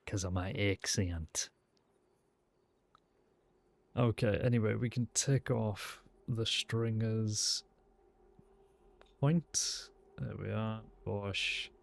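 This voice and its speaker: Slow-talking man, faded South Welsh accent. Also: fairly low pitch, vocal fry. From South Wales. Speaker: streamer playing a sheriff. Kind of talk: casual roleplay chat.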